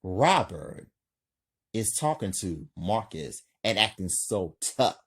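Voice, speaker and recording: A man's voice: lowish voice, sing-song, takes it slowly, a bit bright, breathy edge. A man reading a crime script aloud in plain, scene-by-scene narration. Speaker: storyteller.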